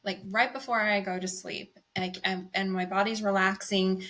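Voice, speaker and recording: A woman's voice: medium pitch, level tone, normal speed, fairly bright tone. Woman podcast host, eager, keeps chiming in with her own stuff. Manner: eager, affirming listener who chimes in often. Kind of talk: casual interview chat.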